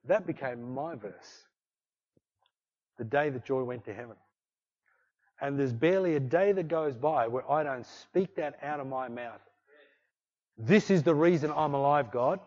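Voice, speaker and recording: A man preaching a sermon, exhorting with repeated refrains and swinging between loud bursts and hushed passages. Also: medium pitch, measured pace, long pauses, dull audio. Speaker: pastor.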